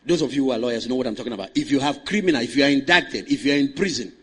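A man preaching a sermon, swinging between loud, impassioned declaration and hushed storytelling, and calling on the congregation to respond. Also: mid-range voice, very fast, husky.

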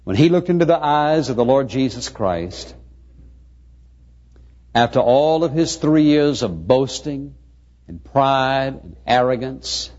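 A man preaching a sermon, swinging between quiet asides and emphatic rising lines. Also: mid-range voice, expressive, slow. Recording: dull lo-fi recording.

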